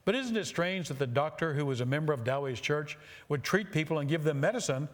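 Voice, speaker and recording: A man preaching a sermon, reading a story aloud with passion and slowing for emphasis. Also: fairly high pitch, expressive. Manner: impassioned reading that slows for emphasis.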